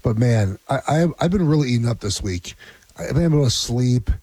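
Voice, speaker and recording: A man's voice: medium pitch, expressive, a little fast, mellow, slightly rough, dry recording. A man co-hosting a sports radio show, talking in a sarcastic, mock-mournful way. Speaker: radio co-host, former football player.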